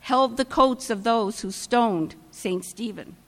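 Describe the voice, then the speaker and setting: A woman preaching a sermon, retelling scripture in a measured storytelling manner with dramatic pauses. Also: a little high, a bit bright. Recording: long church reverb.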